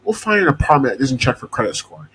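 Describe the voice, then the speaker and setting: A man's voice: mid-range voice, very animated, fast, fairly bright tone, slight background noise, pitched below the performer's own voice. A man doing a smug, insecure young guy.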